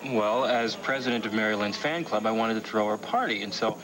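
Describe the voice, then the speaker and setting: An earnest young man full of plans, as an actor plays him. His voice is on the lower side. A loud hiss from old tape covers the track. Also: fairly quick, close to an everyday voice. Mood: eager. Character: earnest young fan club president. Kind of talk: 1980s soap opera acting.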